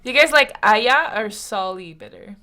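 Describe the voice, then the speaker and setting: A woman's voice: mid-range voice, lively intonation, moderate pace, pushed and bright. A woman player at a tabletop game, chatting casually and giggling. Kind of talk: casual chat.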